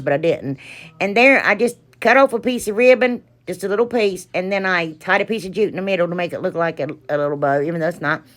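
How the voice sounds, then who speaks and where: A woman, chatting casually to her viewers as she walks through a craft project and an unboxing, rambling from one thing to the next. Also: lowish voice. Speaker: craft vlogger. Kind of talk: casual tutorial and unboxing chat.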